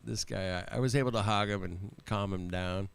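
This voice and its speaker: A laid-back man hosting a livestream talks in a low, gravelly yet smooth voice. He laughs often, swears casually and peppers his talk with man and bro. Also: fairly quick. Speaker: livestream host. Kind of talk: casual chat.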